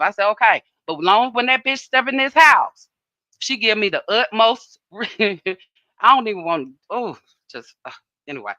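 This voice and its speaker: A middle-aged woman telling stories casually, animated and profane, acting out what people said. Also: mid-range voice, moderate pace, no room sound, muffled recording. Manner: animated, profane, acts out dialogue. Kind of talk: casual storytelling.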